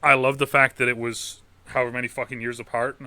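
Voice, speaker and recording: A man with a bright, forward voice rambles through casual movie talk, dropping swear words as he goes. He is recorded close and dry, with no room sound around him. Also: medium pitch, level tone, fast talker, clean tone, no room sound. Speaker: podcast host.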